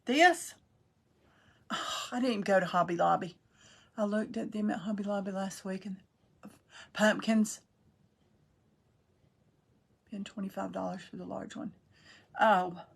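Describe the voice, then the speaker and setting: During a craft livestream, a middle-aged woman with a drawl talks in a homey, folksy manner, calling out viewers by name as she works on her project. Her voice is medium-pitched, steady, a little gravelly and fry-tinged, and her pace runs a little slow with long pauses.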